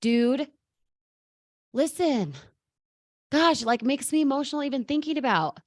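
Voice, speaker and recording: A woman's voice: high voice, unhurried, a little mellow, dry recording, clean studio sound. A woman giving a bold, sassy motivational talk as a sales coach, calling out viewers by name.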